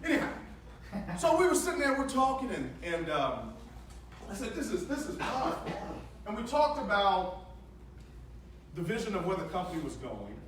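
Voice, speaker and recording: A man giving an energetic, preacher-like motivational talk at a sales training, leading call-and-response and joking with the audience. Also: high voice, normal speed, long pauses. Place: large hall with a live audience. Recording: echoey hall with crowd noise, from far off.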